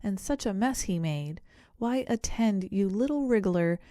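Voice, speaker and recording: A woman voicing a kindly, fussing ghost mother with a warm country voice. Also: mid-range voice, lively intonation, measured pace, no echo, studio quality, close to an everyday voice. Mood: fond.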